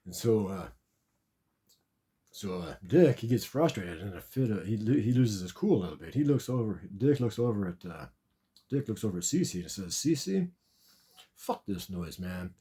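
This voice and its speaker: Guy with a lowish mellow voice rambling thru a goofy dream story, keeps restarting himself. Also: lively intonation, moderate pace. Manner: rambling, repeats words, frequent restarts. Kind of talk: rambling comic dream monologue.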